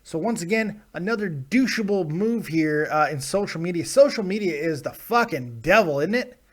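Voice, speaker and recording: A man's voice: sits high, lively intonation, moderate pace. A man hosting a casual live-stream show, ranting with profanity and sarcasm while reading viewer chat. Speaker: host.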